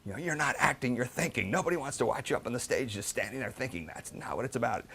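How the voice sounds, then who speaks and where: A man voicing a fierce older female acting teacher who scolds a student in a shrill, yelling voice. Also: fairly quick. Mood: scolding.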